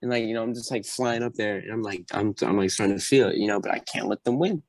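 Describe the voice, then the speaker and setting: Animated young man with a low voice. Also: quick pace, no echo. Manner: animated, acts out quotes. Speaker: podcast guest. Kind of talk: casual storytelling.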